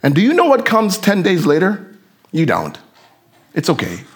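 A man preaching a sermon with fervent rhetorical questions, moving from hushed reading to shouting. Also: high-pitched, huge pitch swings, normal speed.

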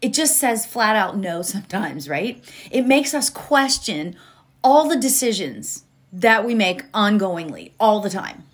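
A woman hosts a motivational podcast, speaking slowly and chatting straight to her listeners. Her pitch swings widely. There is faint environmental noise behind her. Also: sing-song. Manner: chatty, laughs often, addresses listeners directly. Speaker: podcast host. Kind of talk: casual motivational podcast talk.

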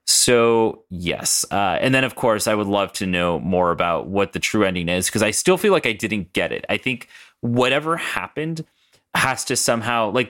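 A man's voice: low voice, fairly bright tone. A young man hosting a casual podcast, rambling, swearing and laughing as he recaps a story tape. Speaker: podcast co-host.

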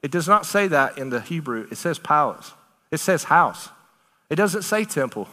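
A man's voice: on the high side, moderate pace, long reverb tail. A man preaching a sermon to a congregation, emphatic and conversational, talking in a casual, down-to-earth way. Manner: animated, emphatic, conversational preaching with Southern turns of phrase.

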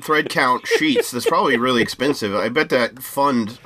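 A man's voice: mid-range voice, normal speed, pushed and bright, a little hiss or hum. A man co-hosting a podcast, rambling and joking through a casual chat. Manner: joking, rambling talk with many fillers. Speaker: podcast co-host.

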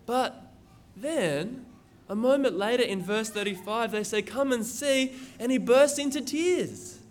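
Emphatic high-voiced male preacher. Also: animated, a little slow, a little hiss or hum. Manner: earnest, emphatic, repeats words when stressing. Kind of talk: sermon with Bible reading.

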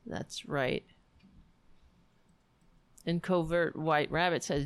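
Middle-aged woman, live-stream host, wry and rambling, lower voice, dry close sound. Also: dry recording. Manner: chatty, wry, rambling with quick asides. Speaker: livestream host reading chat. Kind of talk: casual live-stream chat.

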